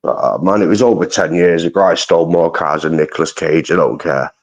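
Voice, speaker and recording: A man with a Mancunian accent and a low, deep voice hosts a live stream. He rambles loosely through slangy stories and swears freely in casual chat. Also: a little fast, highs cut off. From Manchester, England.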